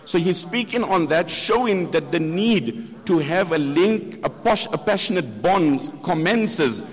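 A man explains a scholar's talk in measured, emphatic religious commentary, weaving in recited Arabic verses. His voice sits a little high for a man. A long hall reverb trails every phrase. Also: lively intonation.

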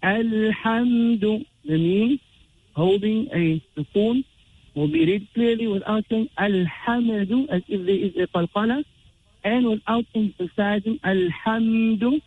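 A man teaching Quran recitation rules, explaining slowly and chanting drawn-out example verses. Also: high voice. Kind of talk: tajweed lesson with recited examples. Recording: tinny phone-like radio sound.

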